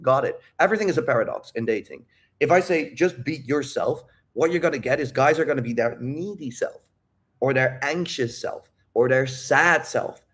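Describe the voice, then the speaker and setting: A man's voice: mid-range voice, normal speed. A man coaching on dating in a live Q&A, talking casually with lots of swearing, tangents and self-interruptions. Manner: profane, animated, rambling with self-interruptions. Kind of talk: casual livestream talk.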